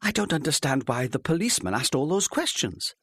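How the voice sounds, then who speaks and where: Brief: man performing a nervous fifty-year-old wife, lifted high and swooping, soft and timid, dry close reading. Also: sing-song, brisk, slightly rough, no echo, heavily acted. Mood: anxious. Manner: soft, timid, gushing politeness. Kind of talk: audiobook character voice.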